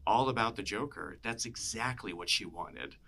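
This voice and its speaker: Low, bright-voiced man chatting casually. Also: animated, normal speed, vocal fry. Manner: rambling, many "you know" fillers, laughs often. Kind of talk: casual film chat.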